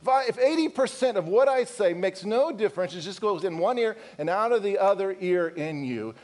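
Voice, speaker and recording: A male pastor with a high-pitched voice delivers a sermon. He presses his point with strings of rhetorical questions. He keeps turning to his listeners with candid, conversational asides. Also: expressive, fairly quick, darkish tone. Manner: emphatic, full of rhetorical questions.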